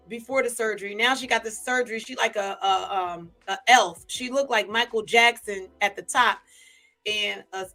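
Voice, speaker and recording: A woman vlogger, gossiping in casual commentary to a live chat, chatty and animated. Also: fairly high pitch.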